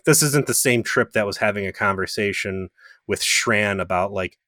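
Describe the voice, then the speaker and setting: A man's voice: fairly low pitch, normal speed, bright, forceful tone, dry recording, studio quality. A male podcast co-host in casual review chat, joking and swearing as he retells scenes with quoted voices.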